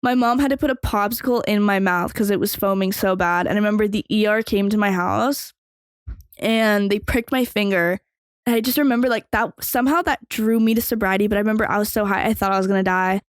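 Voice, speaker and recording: A young woman tells a story in a loose, rambling way, leaning on filler words and swearing freely. Her voice sits at a middle pitch for a woman. The sound is close and dry, with no room echo. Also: fairly even intonation, brisk, clean tone. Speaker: podcast host. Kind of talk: casual storytelling.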